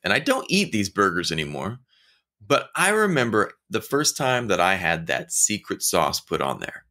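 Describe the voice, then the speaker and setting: A man in a casual motivational talk whose pitch jumps up and down as he tells stories. His tone is bright and forward, and he talks straight to the listener. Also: moderate pace. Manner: animated storytelling, acting out quoted voices; conversational, addresses listener directly.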